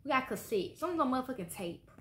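A woman's voice: high voice, big pitch swings, rapid-fire, fairly bright tone. A woman doing a casual tarot reading for viewers, blunt and heavy on swearing, tagging her lines with "okay?". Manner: blunt and profane, swearing often; trails off with repeated "okay?" tags. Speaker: tarot card reader. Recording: echoey room with faint background noise.

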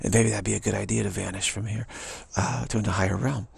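A man with a deep, very gravelly and husky voice tells a personal story in a casual way. He repeats key phrases like a mantra and often drops to a near-whisper for an aside. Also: steady tone, fast talker, no echo. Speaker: spiritual teacher.

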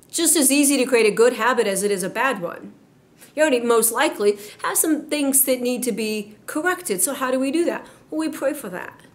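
A woman preaching a sermon in an emphatic, exhorting way, slowing down to stress her points. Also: high voice.

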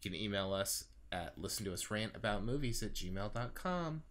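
Man, podcast co-host, sharp bright tone, lively swinging pitch, chatty, says "like" often. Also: moderate pace. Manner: animated, peppered with "like". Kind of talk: casual chat.

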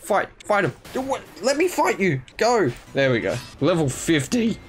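A young man giving chatty, excitable commentary on his own gameplay, talking to the creatures on screen. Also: high-pitched, unhurried, slight background noise. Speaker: gaming YouTuber. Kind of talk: casual let's-play commentary.

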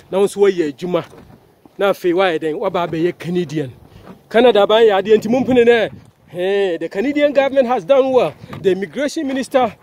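A man's voice: high-pitched, a little mellow. A Ghanaian man with a Ghanaian accent, talking casually to camera in a vlog, chatty and repetitive, often correcting himself. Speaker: vlogger and journalist.

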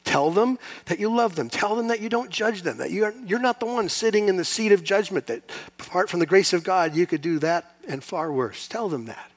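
Impassioned male preacher, slightly high voice. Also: animated, normal speed. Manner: impassioned, rising to loud emphatic peaks; rhetorical questions to the congregation. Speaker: pastor. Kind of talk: sermon.

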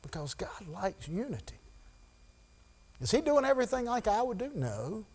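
A man preaching a sermon in a church, building from quiet talk to loud, high-pitched preaching. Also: sing-song, normal speed, breathy edge. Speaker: pastor.

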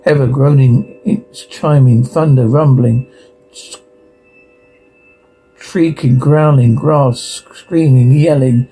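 A man reading a horror show transcript aloud, listing its sound cues in a flat voice. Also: medium pitch, slow pace, husky, faint music behind, poor audio. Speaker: narrator.

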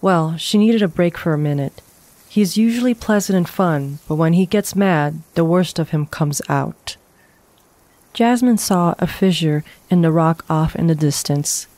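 A woman narrating a horror short story in a calm, even storytelling voice. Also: on the low side, measured pace, dry recording.

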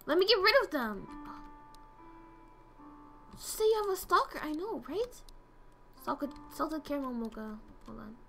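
A woman's voice: sits high, unhurried, long pauses, faint music behind. A woman streaming a game, chatting casually, reading orders aloud and swearing when things go wrong. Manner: excitable, swears, reads game dialogue aloud. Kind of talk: casual gameplay commentary.

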